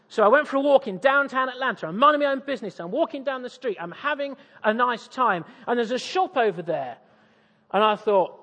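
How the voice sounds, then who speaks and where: Man, English accent, preacher, jovial storytelling, self-mocking humor, very high voice, long hall reverb. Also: expressive, fast, bright, forceful tone. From East Anglia, England. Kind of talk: sermon with audience interaction.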